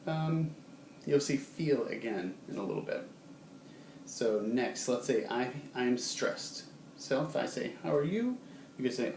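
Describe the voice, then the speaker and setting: A man teaching a casual video lesson in a relaxed way, with many ums, who acts out short example phrases. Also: mid-range voice, normal speed. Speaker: sign language teacher. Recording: roomy, distant, faint background hum.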